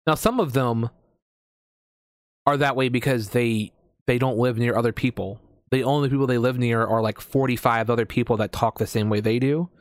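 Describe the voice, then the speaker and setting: A man's voice: mid-range voice, steady tone, moderate pace, dry recording. American man, casual podcast host, rambling and profane, dry close-miked sound. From United States. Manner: rambling, swearing, many fillers and restarts. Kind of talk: casual chat.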